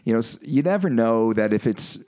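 A man hosting a podcast interview, relaxed and blunt, mostly answering with short agreements. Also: medium pitch, a little fast. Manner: laid-back, brief affirmations, blunt. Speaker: podcast host. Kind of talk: casual interview chat.

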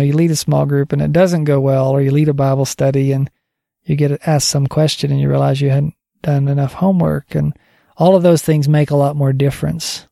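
Gravelly, mellow-voiced man teaching. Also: on the high side, no room sound, studio quality. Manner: conversational, folksy, repeats phrases for emphasis. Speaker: ministry podcast host. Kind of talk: informal teaching talk.

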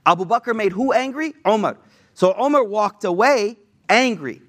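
Brief: man, high-pitched, preaching casually, slangy storyteller who acts out the quotes. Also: moderate pace. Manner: slangy, animated retelling with acted quotes. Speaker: Islamic preacher.

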